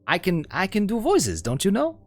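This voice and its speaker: A male game streamer, chatty and self-mocking, reading the story aloud with a lively, rising pitch. His voice sits a little high and sounds dry and close to a desk mic. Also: normal speed, dry recording, faint music behind.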